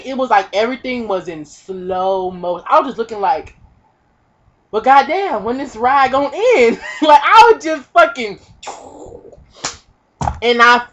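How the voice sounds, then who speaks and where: Profane, animated young woman storyteller. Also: fairly high pitch. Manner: animated, profane, acts out voices. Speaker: vlogger. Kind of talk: comic personal storytelling. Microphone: webcam. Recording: dull lo-fi webcam audio.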